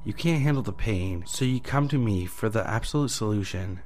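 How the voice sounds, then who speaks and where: A man's voice: on the low side, lively intonation, normal speed, darkish tone, slight background noise, close to an everyday voice. A man voicing a smug, mocking male deal maker who taunts with gleeful amusement in a horror story reading.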